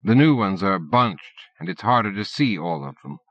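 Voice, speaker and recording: A man voicing a reflective robot that carries a dead man's memories, in a calm, measured way. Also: on the low side, no room sound. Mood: earnest. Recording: dull dry cassette-era audiobook recording.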